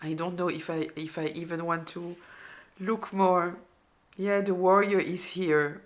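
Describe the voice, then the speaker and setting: A woman giving a collective tarot reading, speaking haltingly with many fillers and repeated words, openly emotional. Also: on the low side, fairly even intonation. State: moved, emotional. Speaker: tarot reader.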